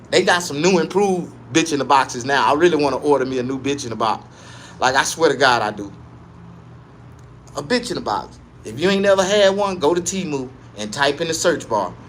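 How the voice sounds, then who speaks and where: A man spins a crude, profane story in a slightly high voice that dips to a low mutter and then leaps up into loud yelps. His delivery is loose and unscripted. A faint hiss of background noise sits under him. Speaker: comedian. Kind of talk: raunchy comic storytelling.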